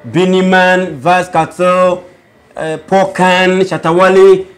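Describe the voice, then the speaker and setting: A Ghanaian man with a noticeably high voice talks animatedly in a casual interview. He mixes English phrases into his talk and slips into Patois-style lines. He comes across as an aspiring rapper explaining his views on music. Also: fairly even intonation, slow.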